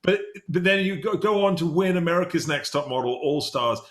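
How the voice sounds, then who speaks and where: A man's voice: a little high, lively intonation, brisk, a bit bright. Chatty British-born male podcast host. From Britain. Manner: chatty, meandering talk. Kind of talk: casual interview chat.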